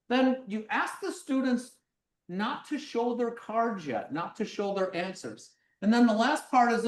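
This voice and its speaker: Middle-aged physics demo presenter, animated and loud, a bit off-mic in an echoey room. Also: mid-range voice, measured pace, recorded from a distance. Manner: animated, acts things out, projects loudly. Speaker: physics lecture demonstrator. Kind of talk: live workshop presentation. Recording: roomy sound from away from the mic.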